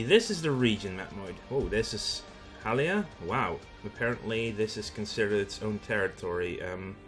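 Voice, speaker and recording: A Dutch man with a Dutch accent hosting a let's play, explaining the game in a casual way with frequent fillers. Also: on the low side. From Netherlands. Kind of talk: gameplay commentary.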